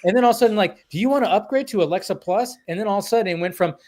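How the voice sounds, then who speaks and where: Male podcast host, casual rambling chatter, swears freely, slightly high voice. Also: rapid-fire, a little mellow. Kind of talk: casual chat.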